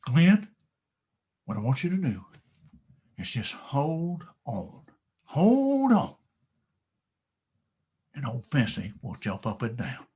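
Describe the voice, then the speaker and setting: Man doing a sweet talking cow, husky voice, slow and swooping. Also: medium pitch, very animated, a little mellow, heavily acted. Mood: gentle. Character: talking milk cow, female, kindly helper.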